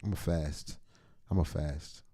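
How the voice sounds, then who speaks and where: A man giving casual, profane reaction commentary, with loud outbursts and frequent laughter. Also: rumbling low, steady tone, slow, dry recording, clean studio sound. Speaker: reaction streamer.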